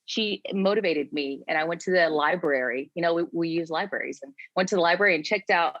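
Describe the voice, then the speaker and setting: Candid woman from Florida, lowish voice. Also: fairly quick, dry recording. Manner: candid, conversational, quotes herself in lively voices. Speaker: guest. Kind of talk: casual interview storytelling. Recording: dull lo-fi sound, dry.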